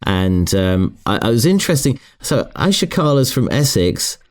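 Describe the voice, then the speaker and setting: A man's voice: medium pitch, very animated, normal speed. A middle-aged man co-hosting a casual book podcast, hesitant and often restarting as he searches for words. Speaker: podcast co-host.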